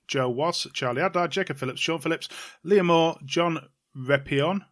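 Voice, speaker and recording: A man's voice: fairly high pitch, normal speed, a bit bright. A man from England co-hosting a casual podcast chat, reading out lists of names in a dry, offhand way. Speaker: podcast co-host.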